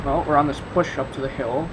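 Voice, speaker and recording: A man hosting a gaming video, commenting casually on his match in a relaxed, rambling way with many fillers. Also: fairly high pitch, noisy background. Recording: voice over loud game sounds. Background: game engines and artillery fire.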